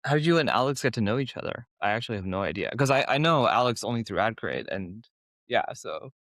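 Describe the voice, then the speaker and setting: A man's voice: mid-range voice, animated, fast talker, fairly bright tone, no echo, studio quality. A man hosting a podcast who jokes and teases his guests. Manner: playful, teasing. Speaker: podcast host. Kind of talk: casual podcast conversation.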